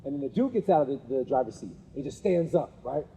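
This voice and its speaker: A man's voice: medium pitch, animated, quick pace, dark tone, slight background noise. A man giving a storytelling talk to a live audience at a gathering. He keeps checking in with "right?" and acts out the people in his stories. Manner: conversational, checks in with 'right?' often. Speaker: speaker at a men's gathering. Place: event venue with a live audience. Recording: long reverb of a hall.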